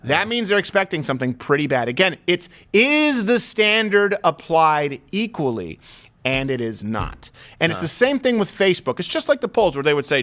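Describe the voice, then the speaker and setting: A man hosting a casual political chat show, talking in an animated, sarcastic, rapid-fire way. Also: a little high. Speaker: host.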